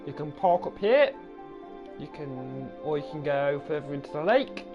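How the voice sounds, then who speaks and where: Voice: mid-range voice, animated, normal speed, dull audio, music in the background. Rambling game-tour host. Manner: rambling, self-correcting, repeats "very nice". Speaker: gaming channel host. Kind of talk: casual game world tour commentary.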